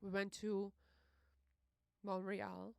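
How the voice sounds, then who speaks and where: A young woman hosting a podcast, telling a personal story in an emotional, halting way, with many fillers and curses. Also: mid-range voice, completely flat delivery, gravelly, darkish tone, no room sound, studio quality. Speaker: podcast host.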